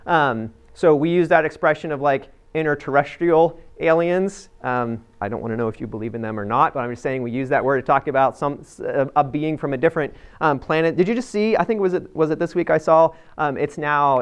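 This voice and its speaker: A man's voice: on the high side, smooth. A man teaching a Bible passage to a group in a conversational, emphatic way, often checking in with "right?" and using fillers. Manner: addresses a live group directly.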